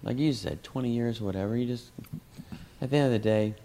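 A man who is a guest comedian, telling stories in an animated way, acting out voices and mocking himself with a lot of swearing. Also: mid-range voice, a little fast, slight background noise. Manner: animated, acts out voices in anecdotes; profane and self-mocking. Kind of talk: conversational storytelling.

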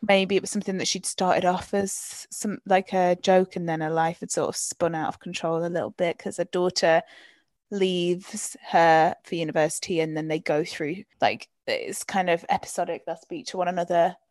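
A woman's voice: lowish voice, steady tone, moderate pace, darkish tone, dry recording, clean studio sound. A woman in casual book chat, enthusiastic and casually sweary.

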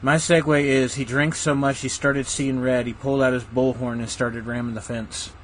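A man co-hosting a casual podcast, reading out topics with wry, deadpan banter and lots of low hums. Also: moderate pace, a little hiss or hum, poor audio. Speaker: podcast co-host.

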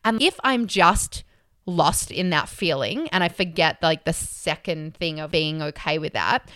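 A woman's voice: deep voice, measured pace, a bit bright, dry recording, studio quality. A woman co-hosting a casual podcast chat, talking animatedly and acting out her own inner voice. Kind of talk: casual chat about mindfulness.

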